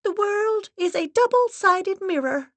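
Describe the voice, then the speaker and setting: A woman voicing a solemn, stern medium's assistant who intones rules in a formal, steady monotone. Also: very high-pitched, measured pace, no echo, pitched above the performer's own voice. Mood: solemn intoning.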